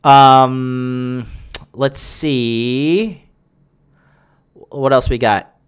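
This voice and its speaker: Speaking extremely slowly in a clean, mid-range voice with fairly even intonation, this young podcast host answers listener questions. His casual monologue is crude and boastful, wandering along with lots of fillers and restarts.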